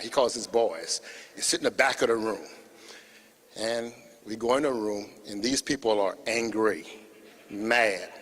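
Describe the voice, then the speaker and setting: A man's voice: lowish voice, measured pace, long reverb tail. A man at a memorial service, telling a humorous anecdote about a late colleague and laughing as he goes. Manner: animated storyteller, laughing as he goes. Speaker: former colleague giving a eulogy.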